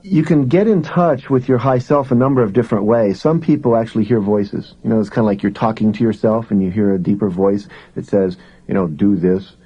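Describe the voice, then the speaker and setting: A man's voice: on the low side, a little fast, breathy edge, lo-fi sound. A man giving a live self-help seminar to a room full of people, talking conversationally and asking the audience questions. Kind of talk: live motivational seminar talk.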